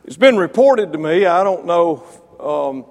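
High-pitched preacher guy, swings from loud emphatic to quiet, booming church auditorium echo. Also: expressive, unhurried. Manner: builds to loud emphatic peaks, then drops low; wry humor, addresses listeners by name. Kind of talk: sermon. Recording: long reverb of a large hall.

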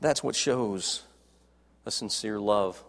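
A man preaching a sermon in a dramatic way, dropping to soft, low tones as he retells scenes. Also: takes it slowly, in a large hall. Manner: dramatic, acts out quoted dialogue, drops to soft low tones.

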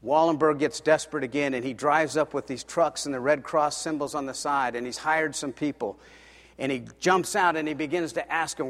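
A man preaching a sermon, telling a story dramatically and swinging between loud passages and hushed ones. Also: a little high, brisk. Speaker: pastor. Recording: long reverb of a large hall.

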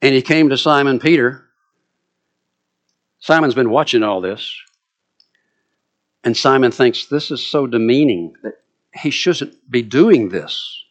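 A man with a Southern US accent preaching a sermon, acting out scripture quotes with lively, dramatic delivery. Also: mid-range voice, slow pace, pauses often, muffled recording. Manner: animated, dramatic quoting of scripture.

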